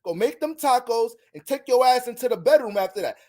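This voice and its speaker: A man's voice: very high voice, lively intonation, fairly quick, darkish tone, voice pushed up. A man voicing an angry, domineering boyfriend who barks profane orders.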